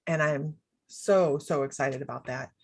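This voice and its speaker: A middle-aged woman with a somewhat low voice, talking in a bubbly, rambling way. She drifts off on sidetracks and laughs easily. It is a relaxed, casual conversation. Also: unhurried, slightly rough. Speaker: guest, psychic medium. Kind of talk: casual chat.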